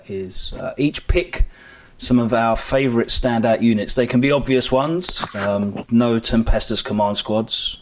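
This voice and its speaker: A young man hosting a casual podcast, relaxed and chatty with lots of filler words. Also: on the low side. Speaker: podcast host.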